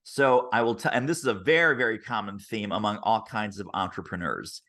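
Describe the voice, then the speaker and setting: A man's voice: lowish voice, fairly quick. A man being interviewed over a video call as a sales author, telling stories and acting out quotes. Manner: animated, acts out quotes. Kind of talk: interview guest, storytelling.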